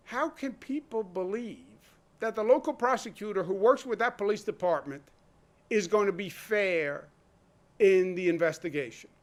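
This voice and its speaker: Emphatic New man, high voice. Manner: emphatic, rhetorical questions. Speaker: state governor. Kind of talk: press conference speech. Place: press room.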